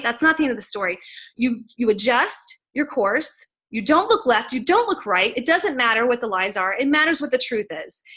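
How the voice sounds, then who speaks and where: At a sales team event, a woman in her forties gives an emotional, faith-filled motivational testimony, chatty and earnest with lots of "like" and "you guys," building up into fired-up preaching. Her voice is high, bright, and forceful.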